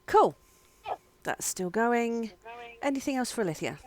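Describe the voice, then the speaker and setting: A woman's voice: a little high, no room sound. A woman, running a tabletop game as game master in a chatty, laughing way. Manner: lively, chatty, quick to laugh.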